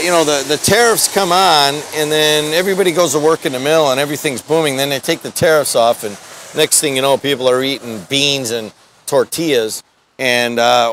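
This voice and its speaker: A man's voice: on the high side, a bit bright, slight background noise. A middle-aged man hosting a morning radio show, talking in a rambling, folksy, jokey way outdoors. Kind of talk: casual talk radio monologue. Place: outdoors in the snow.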